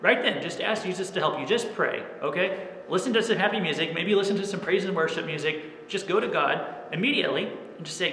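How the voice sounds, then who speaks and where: A man's voice: high-pitched, a little fast, fairly bright tone, slight background noise. A man preaching a sermon as pastor, earnest and plain, often checking in with "okay?". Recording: echoey room with long reverb.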